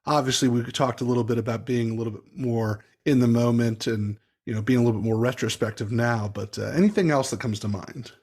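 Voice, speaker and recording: A man's voice: medium pitch, quick pace, hardly any pauses, darkish tone, breathy edge. A man hosting a casual interview, asking questions and reacting briefly. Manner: friendly, short reactions and questions. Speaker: podcast host.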